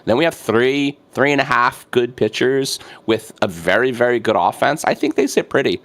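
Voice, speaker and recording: A man's voice: mid-range voice, expressive, normal speed, fairly bright tone. A man co-hosting a podcast, joking around and defending his sports takes with friends. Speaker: podcast co-host. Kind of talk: casual podcast banter.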